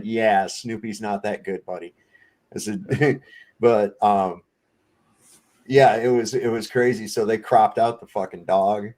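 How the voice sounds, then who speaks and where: A man with a lowish voice tells rambling stories on a live stream, swearing freely and breaking into laughter. His delivery is loose and conversational, the host chatting with his guests. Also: mellow. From Virginia. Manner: profane storyteller, laughs often. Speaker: livestream host. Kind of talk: casual chat. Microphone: home streaming setup.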